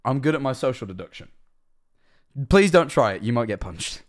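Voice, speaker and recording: A man's voice: medium pitch, sing-song, moderate pace. A young man casually reacting to videos on stream, rambling, swearing freely and laughing often.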